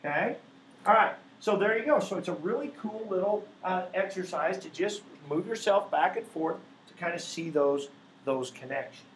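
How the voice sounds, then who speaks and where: In this classroom lecture, a high-voiced man with lively intonation speaks at a normal speed while teaching math. He guides students patiently through every step, repeatedly asking "right?" to make sure they follow. The room echoes, and there's faint background noise.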